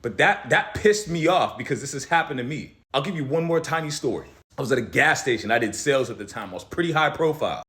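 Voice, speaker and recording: A young man telling a personal story in an animated way, his voice climbing high when he gets worked up. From United States. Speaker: commentator. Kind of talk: storytime commentary.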